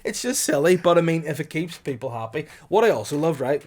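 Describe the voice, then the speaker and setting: A man's voice: fairly high pitch, lively intonation, a little fast, darkish tone. A young man, co-hosting a podcast in loose, sweary banter, laughing often and mimicking voices. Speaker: podcast co-host. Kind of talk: casual banter.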